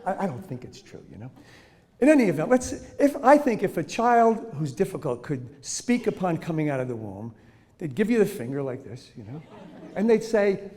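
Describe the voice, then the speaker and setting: A man's voice: a little high, big pitch swings, moderate pace, mellow. A man giving a humorous lecture to teachers on children's behavior, joking, laughing often and acting out examples.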